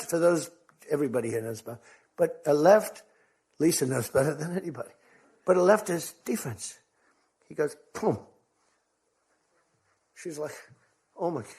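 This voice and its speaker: Telling stories to a crowd, an older American man wanders and repeats himself, voicing the quotes as he goes. He has a higher-leaning voice with a warm tone and a breathy edge.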